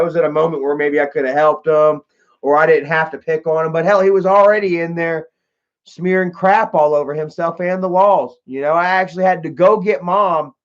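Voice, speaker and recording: A high-voiced man hosts a livestream and answers his chat in a loose, rambling way. He swears freely and ends his phrases with "man" or "bro". The stream audio is dull and lo-fi. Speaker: livestream host. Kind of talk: casual storytelling to live chat.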